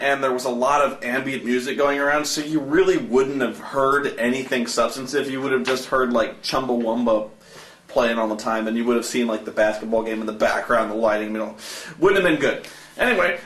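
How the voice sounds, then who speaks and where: A man vlogging, telling a story casually with swearing, laughter and halting restarts. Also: medium pitch, fairly bright tone, reverberant, poor audio.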